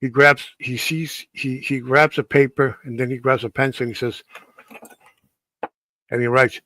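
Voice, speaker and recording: A man telling a ghost story in a loose, casual way, often stopping to restart his sentences. His pitch sits in the middle. The sound is dry and close. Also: fairly even intonation, pushed and bright, no room sound. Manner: halting, many restarts and fillers.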